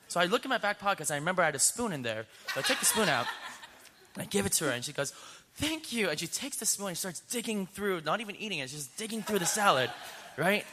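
A man telling a strange dream to a group, animated and laughing as he goes. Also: high voice, slight background noise. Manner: animated storytelling, laughing through it. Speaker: group member sharing a dream.

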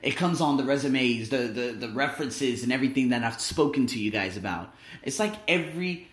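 A man's voice: medium pitch, expressive, brisk. A man hosting a casual talk show, telling stories animatedly, acting out quoted voices and swearing casually. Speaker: podcast host. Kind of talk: casual storytelling monologue. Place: living in Thailand. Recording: roomy echo.

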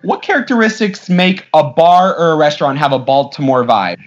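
A man's voice: on the high side, very animated, fairly quick, faint music behind. A male podcast host asking curious, prompting interview questions. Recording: dull lo-fi sound.

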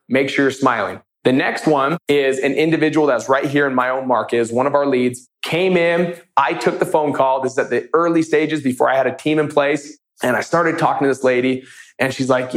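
A man's voice: medium pitch, steady tone, fairly quick. Upbeat man coaching in an echoey room. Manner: upbeat, casual, enthusiastic. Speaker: real estate wholesaling coach. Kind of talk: storytelling teaching talk.

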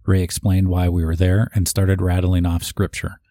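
Man, very low voice, dark tone, dry close sound, reading tributes, adds asides. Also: level tone, normal speed, no echo. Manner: reads aloud, with asides and restarts. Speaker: eulogy reader.

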